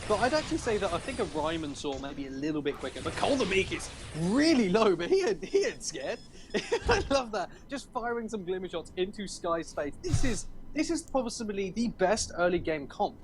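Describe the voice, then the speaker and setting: A British man casting a live esports match, excitable and quick to shout at big plays. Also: high voice, slight background noise. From Britain. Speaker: esports caster. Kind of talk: live game commentary.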